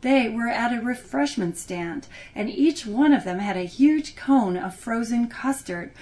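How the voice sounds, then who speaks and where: A woman narrating a story in an expressive, lively reading style. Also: a little high, unhurried, hardly any pauses. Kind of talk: audiobook narration.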